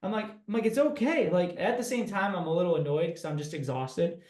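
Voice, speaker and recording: A man hosting a casual podcast, upbeat and energetic, talking like a buddy. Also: sits high, brisk. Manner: upbeat, energetic, says dude and bro. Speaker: podcast host. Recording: roomy echo.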